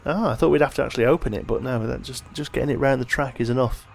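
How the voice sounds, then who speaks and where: Tired, gravelly man narrating gameplay. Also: medium pitch, fast talker. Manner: thinking aloud, relaxed and chatty. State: tired, yawning. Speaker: let's play host. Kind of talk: casual gameplay commentary.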